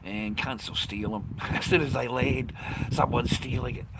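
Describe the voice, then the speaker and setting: A man's voice: medium pitch, fairly even intonation, moderate pace, heavy background noise. A man in his fifties with an Australian accent, ranting bluntly and swearing a lot as he chats casually with viewers on a livestream. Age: 50s. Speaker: livestream host.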